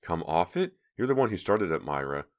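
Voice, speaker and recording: Male narrator playing a scoffing teenage girl, higher voice, sharp and dismissive. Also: big pitch swings, a little fast. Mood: scornful. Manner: sarcastic, scoffing. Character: scornful sneering teenage girl.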